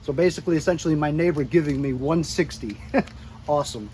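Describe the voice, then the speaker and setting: High-pitched guy vlogging, chatty and rambly, cars and street noise all around. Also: fairly quick, darkish tone, rough recording. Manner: chatty, laughs easily, rambling. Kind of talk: casual chat.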